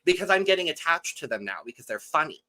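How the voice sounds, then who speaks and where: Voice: mid-range voice, sing-song, quick pace, bright, forceful tone, low-quality recording. A podcast co-host recapping a reality show in casual chat, telling it as a story and acting out her own reactions.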